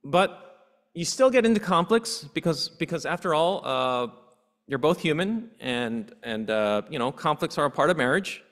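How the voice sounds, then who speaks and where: A man's voice: a little high, lively intonation, normal speed, fairly bright tone. A man pastor preaching a sermon earnestly, asking his congregation rhetorical questions. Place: church sanctuary. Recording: long hall reverb in a church.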